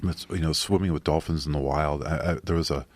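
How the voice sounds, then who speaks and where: A man, a filmmaker guest on a podcast, speaking softly and haltingly with many restarts. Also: extremely low pitch, steady tone, no echo. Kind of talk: casual interview chat.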